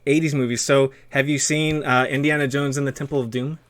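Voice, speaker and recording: A man's voice: medium pitch, flat delivery, a little fast. A man hosting a casual streamer interview, rambling with many ums and laughing at himself. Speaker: streamer host.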